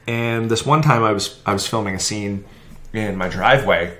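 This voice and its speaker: A young man co-hosting a podcast in casual chat, telling stories with lively energy and acting out the people in them. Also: on the low side, normal speed. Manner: animated storyteller, acts out quoted voices. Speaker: podcast co-host. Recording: roomy echo.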